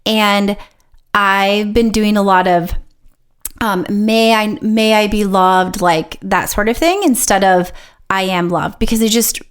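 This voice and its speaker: A woman co-hosting a podcast in relaxed, casual chat. Her pitch sits in the middle of the range, and she runs animated and heartfelt, laughing often between thoughts. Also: unhurried, smooth. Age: young adult or middle-aged, a mother. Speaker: podcast co-host.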